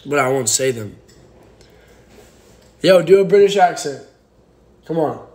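A man's voice: on the high side, animated, measured pace, darkish tone. A young man hosting a casual livestream from home on his phone, reading viewer comments and rambling through jokes and teasing. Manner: joking, rambling, playfully teasing. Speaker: livestream host. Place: home, indoors.

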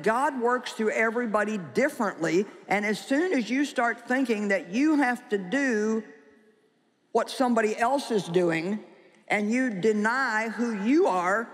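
A woman preaching a sermon to a live congregation, emphatic and joking, often quizzing her listeners. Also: fairly high pitch. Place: large hall with an audience. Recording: long hall reverb with faint crowd.

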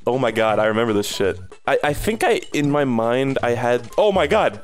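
A man's voice: medium pitch, very animated, faint music behind. Playful young male game streamer. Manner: playful, sarcastic, quick asides. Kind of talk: casual let's-play commentary.

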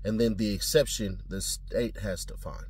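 A man's voice: fairly low pitch, steady tone, normal speed, darkish tone, slight background noise. A man giving blunt, slangy, profane commentary in a casual talking style.

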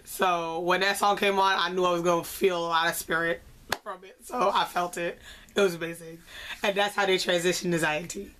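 A young woman in her twenties excitedly recapping a concert in casual vlog chat, slangy and laughing often. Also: on the low side, fairly quick. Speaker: vlogger.

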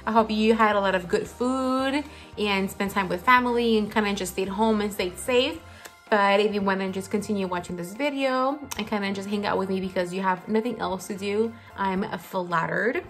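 A woman beauty vlogger chatting casually while she does her makeup, rambling with lots of fillers, her voice low from the morning. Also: moderate pace, a bit bright, faint music behind. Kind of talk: casual get-ready-with-me chat. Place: home, seated at a filming setup.

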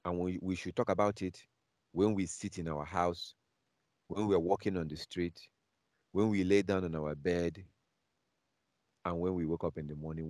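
A man teaching a bible class, emphatic and repetitive, reading scripture aloud slowly and repeating key phrases again and again. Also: low voice, steady tone, darkish tone, no room sound, studio quality.

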